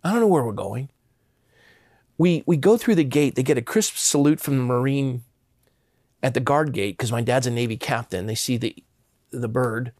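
A man's voice: mid-range voice, normal speed, pauses often, darkish tone, dry recording, clean studio sound. A man in his fifties from Southern California, telling a personal story as a guest with earnest emphasis and frequent stammered restarts.

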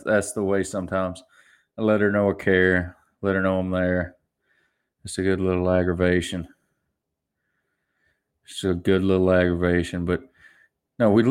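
Guy in his 20s solo podcasting, kinda low voice, rambly, restarts a lot, chuckles. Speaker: podcast host. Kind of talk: casual solo podcast storytelling.

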